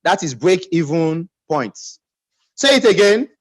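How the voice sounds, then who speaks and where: Emphatic Nigerian man, lively high voice. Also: slow pace, no room sound, poor audio. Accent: Nigerian English. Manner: emphatic, calls for audience responses. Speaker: business team leader. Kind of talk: motivational pep talk.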